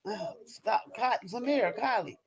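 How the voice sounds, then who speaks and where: A woman's voice: a little high, measured pace, vocal fry, a crowd in the background, rough recording. A woman hosting a live stream and answering viewer chat, ranting with emphatic, repetitive restarts. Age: adult mother of young kids. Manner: emphatic, repetitive, stops and restarts mid-sentence. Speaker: livestream host reading viewer chat. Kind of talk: impassioned live-stream rant.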